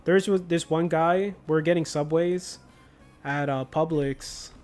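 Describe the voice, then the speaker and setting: A man's voice: fairly high pitch, fairly even intonation, slow, darkish tone, soft background music. Laid-back young man telling stories. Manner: laid-back storytelling with slang. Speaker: livestreamer. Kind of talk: casual chat while gaming.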